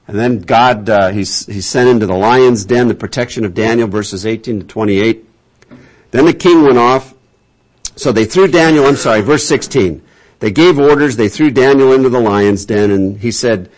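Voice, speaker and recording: A folksy male pastor with a lowish voice, speaking at normal speed, preaches a conversational Bible-teaching sermon. His delivery is chatty storytelling with frequent restarts.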